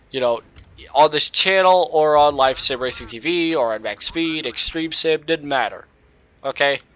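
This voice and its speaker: A young man with a nasal voice, rambling excitedly and swearing at the game while he plays and chats on a cheap microphone. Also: fairly high pitch, muffled recording. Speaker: gaming YouTuber. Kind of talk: casual gameplay commentary.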